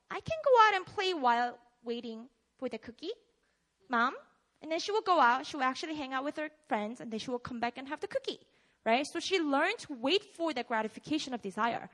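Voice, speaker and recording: A woman in her twenties giving a casual sermon in an animated, chatty way, often asking the audience questions. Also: high voice. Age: 20s. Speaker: preacher.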